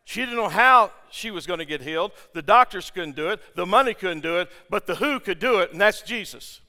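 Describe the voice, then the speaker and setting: A man's voice: high voice, fairly quick, bright, forceful tone. An older man preaching a sermon to a congregation, impassioned, with stammering restarts and rhetorical questions. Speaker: pastor. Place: church sanctuary. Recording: long church-hall reverb.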